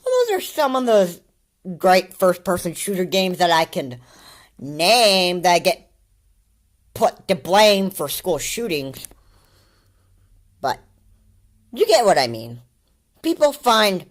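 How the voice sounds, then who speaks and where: A woman giving casual commentary over video clips, rambling and repeating her points with many fillers. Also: lowish voice.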